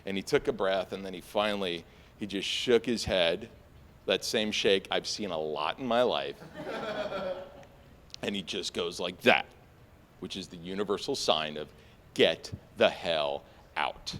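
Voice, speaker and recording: An American man telling a story on stage before a live audience, animated and self-mocking, full of fillers and restarts. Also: low-pitched, a little slow, long pauses. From United States.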